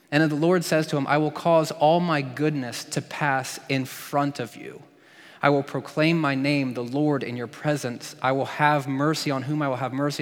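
A man's voice: mid-range voice, in a large hall. A man preaching a sermon as a pastor, playful and joking with asides.

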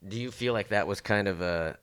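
Deep-voiced male interviewer. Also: a bit bright, clear, resonant tone. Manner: short prompts and quick follow-up questions. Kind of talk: casual interview chat.

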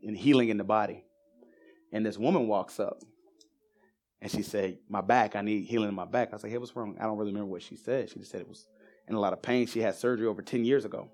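A man preaching in church, telling testimonies in a storytelling way that builds into excited emphasis. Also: lowish voice. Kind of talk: sermon testimony.

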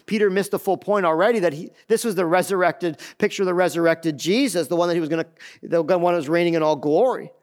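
A middle-aged man, a pastor preaching a sermon in an animated way, acting out the voices of others. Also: high voice, clear, resonant tone.

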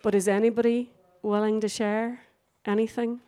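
A woman leading a church group reflection, gently prompting people to share and affirming them. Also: on the high side, little pitch movement, moderate pace. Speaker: prayer group leader.

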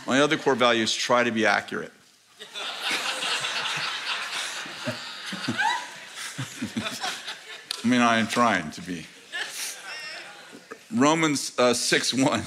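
In a large church auditorium, an American pastor preaches a sermon, telling a story with laughter and acting out the voices of its characters. His voice sits at a medium pitch, with some background noise audible.

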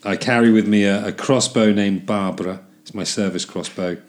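A man's voice: on the low side, fairly even intonation, normal speed. A man chatting casually as a player in a tabletop game, rambling with many ums. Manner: rambling, self-amused, lots of ums.

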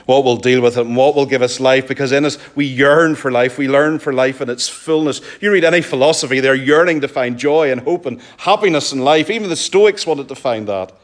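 A man with a Northern Irish accent preaching a sermon, earnest and pleading, often sinking to a soft, low emphasis. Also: fairly quick, few pauses. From Northern Ireland.

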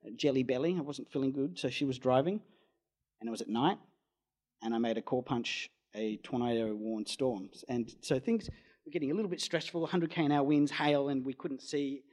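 A man's voice: medium pitch, moderate pace. A man with an Australian accent, a storm chaser telling a rambling anecdote in an interview. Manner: rambling storyteller, acts out quoted voices loudly.

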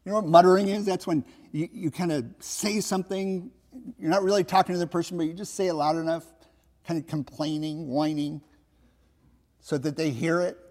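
A pastor preaching a sermon, slow and emphatic, asking his listeners rhetorical questions. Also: fairly high pitch, fairly even intonation, a little mellow, long reverb tail.

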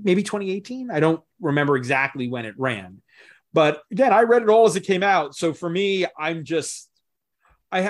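Casting: man, slightly high voice, unhurried comics-podcast co-host, explains patiently. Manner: slow, thoughtful, explanatory. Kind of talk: casual chat.

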